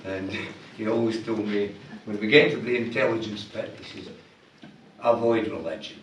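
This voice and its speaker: A man's voice: fairly low pitch, fairly even intonation, normal speed, noisy background. An older man with a Scottish accent giving an after-dinner speech, telling jokes and switching voices for the punchlines. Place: large function hall. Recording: echoey hall from far off.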